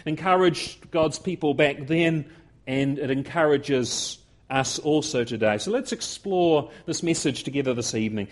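A man's voice: on the high side, moderate pace. Earnest man preaching a sermon. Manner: earnest, repeats words, rising emphasis.

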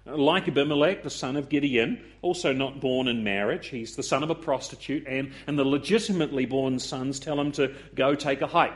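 A man preaching a sermon, acting out the voices he quotes with lively swings. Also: a little fast, few pauses. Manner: expressive, acts out quoted voices with rising pitch.

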